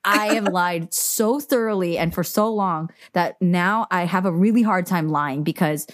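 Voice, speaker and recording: A woman's voice: fairly low pitch, measured pace, no room sound, clean studio sound. A young woman hosting a podcast, talking candidly and emphatically about family boundaries, with frequent "like" fillers. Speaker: podcast host.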